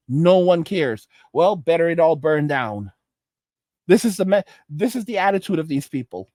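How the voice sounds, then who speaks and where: With a warm tone and a somewhat high pitch, this commentary host delivers an exasperated lecture, looping back over his own words in repeated restarts. The audio is dry and intimate, with no room around it.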